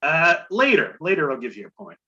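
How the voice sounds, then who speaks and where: A man's voice: a little high, wildly swooping pitch, brisk, dull audio, noisy background. A man hosting a casual podcast game show, reading clues aloud with playful asides and chuckles.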